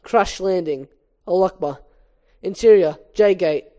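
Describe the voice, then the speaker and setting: A woman reading a screenplay aloud, giving the stage directions in a brisk, matter-of-fact way. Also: lowish voice, mellow. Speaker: reader.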